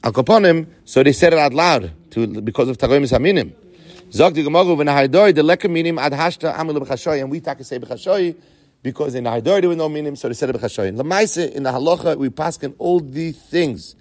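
A man's voice: fairly high pitch, quick pace, darkish tone, no echo. Dry-voiced man teaching Talmud. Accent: Yeshivish Ashkenazi Hebrew pronunciation. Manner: chanting Aramaic quotes then explaining in English. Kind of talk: Talmud study lesson.

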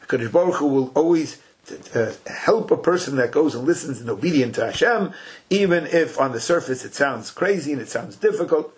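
This older man's voice sits on the high side and moves fairly quickly. He teaches a Torah class in relaxed English peppered with Hebrew and Yiddish terms, retelling stories in an animated, folksy way with plenty of asides.

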